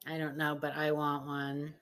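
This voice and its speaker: A woman's voice: sits low, monotone, moderate pace, a bit bright. A woman chatting casually as co-host, with playful, teasing asides. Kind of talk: casual chat.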